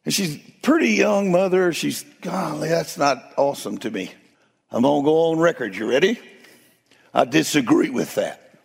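A man preaching in a folksy storytelling way, laughing often and swinging between loud and hushed. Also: on the high side, lively intonation, moderate pace, vocal fry, husky, long reverb tail. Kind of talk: storytelling sermon.

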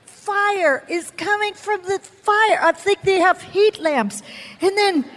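A woman preacher giving an animated testimony sermon, telling her story with bursts of laughter and screaming. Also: extremely high pitch, takes it slowly, big-room sound.

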